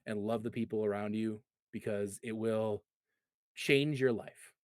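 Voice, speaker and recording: Man, 30s, guest on a casual stream chat, halting and heartfelt, dry close mic. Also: on the low side, fairly even intonation, no room sound. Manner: halting, repeats words, earnest and heartfelt. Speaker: community advocate guest. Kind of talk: casual podcast chat, personal storytelling.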